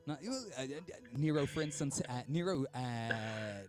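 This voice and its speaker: A man's voice: medium pitch, lively intonation, normal speed. A young Irish man with an Irish accent, a comedian hosting a charity stream with rambling, playful stand-up banter. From Ireland. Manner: rambling, self-interrupting, playful.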